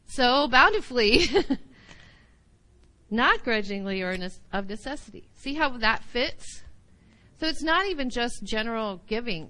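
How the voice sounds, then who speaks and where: A woman teaching a Bible study class, animated, often checking in with her listeners. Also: a little high, rough recording.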